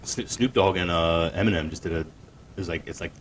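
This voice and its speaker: A man co-hosting a podcast in casual chat, halting and hedging with fillers. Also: sits low, a little hiss or hum. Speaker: podcast co-host.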